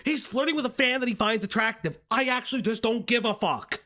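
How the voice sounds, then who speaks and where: A young man hosting a livestream, reacting with exasperated, profane commentary and shouting at his chat. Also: extremely high pitch, brisk. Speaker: stream host.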